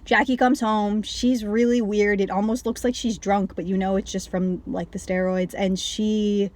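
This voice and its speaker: A woman chatting through a film review in a loose, rambling way, peppering nearly every phrase with "like". Her pitch sits in an ordinary middle range. She sounds emotionally invested, sighing and going quiet when a scene upsets her. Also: steady tone, moderate pace. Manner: rambling, heavy use of "like", trails off and restarts. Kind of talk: casual spoken film review.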